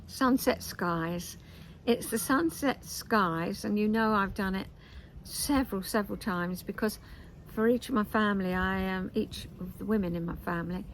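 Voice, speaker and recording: An older woman hosting a knitting vlog, chatting in a meandering way with asides and pauses, outdoors in a garden. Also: medium pitch, creaky, slight background noise, low-quality recording. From England. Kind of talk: casual chat to camera.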